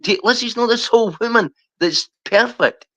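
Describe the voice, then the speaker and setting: A man's voice: very high-pitched, moderate pace, sharp tone, no echo. Rambling sweary Scottish man. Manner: rambling and sweary, goes off on tangents. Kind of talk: casual chat.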